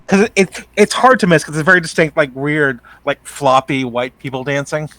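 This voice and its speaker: A man's voice: fairly high pitch, moderate pace, sharp tone, no room sound. Man chatting trivia, dry close sound. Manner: chatty, adding trivia asides. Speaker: podcast co-host. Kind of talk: casual recap chat.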